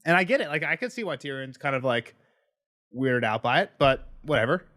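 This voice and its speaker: A man's voice: mid-range voice, animated, a little fast, pushed and bright, no room sound, studio quality. A young man co-hosting a podcast, casually and animatedly retelling a book chapter, swearing freely and acting out the characters' lines. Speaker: podcast co-host.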